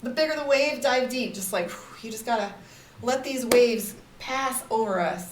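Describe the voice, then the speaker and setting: A woman's voice: a little high, moderate pace, noisy background. A woman, a psychic and life coach, talking candidly and rambling to viewers on a casual live stream, with frequent "like" and "right?". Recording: roomy echo, somewhat far from the mic.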